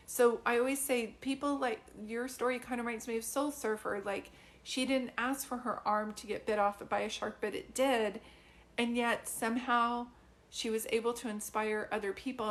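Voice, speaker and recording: A young woman giving a live psychic reading to a viewer, talking in a drowsy, halting and emotional way, full of fillers and restarts. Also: on the high side, a bit bright. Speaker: psychic medium.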